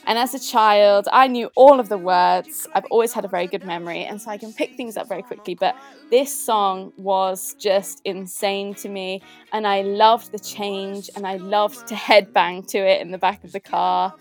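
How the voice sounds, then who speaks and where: A young woman from the south of England with a posh accent, chatting casually and cheerfully about her favourite songs, lively and quick to laugh. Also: mid-range voice, faint music behind. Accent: posh southern English. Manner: chirpy, lively, laughs often. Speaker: guest sharing favourite songs. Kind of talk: casual chat.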